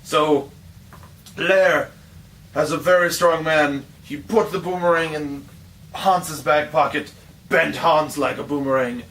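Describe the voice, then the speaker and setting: A man's voice: fairly high pitch, fairly bright tone. A man telling an improvised tall tale in a playful, rambling way, correcting himself as he goes. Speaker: storyteller. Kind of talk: improvised storytelling. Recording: distant mic with faint ambient noise.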